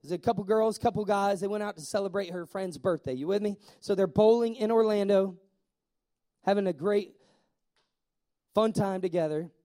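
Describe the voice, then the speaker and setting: Man, pastor, sermon, very high voice, animated preaching, asks the crowd questions. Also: moderate pace.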